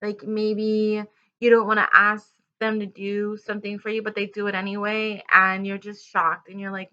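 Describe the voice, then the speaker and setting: A woman talks through a tarot love reading in a loose, rambling way, full of fillers and restarts. Her voice is bright and forward, and the recording sounds slightly muffled and lo-fi. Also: medium pitch, little pitch movement, moderate pace, clean tone. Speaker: tarot reader. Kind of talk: casual tarot reading to camera.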